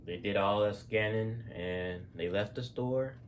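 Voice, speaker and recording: Guy telling stories off the cuff, lots of ums and restarts, lowish voice, faint hum behind. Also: measured pace, hardly any pauses. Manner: rambling, with many fillers and restarts, casual slang. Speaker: storyteller. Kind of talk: casual spoken storytelling.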